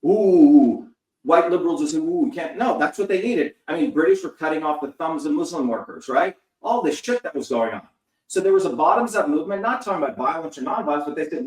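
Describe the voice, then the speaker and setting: A man in his fifties, a guest in an interview, talking in an emphatic, profane, lecturing way. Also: high voice. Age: 50s. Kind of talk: heated interview talk. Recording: roomy sound, distant from the mic.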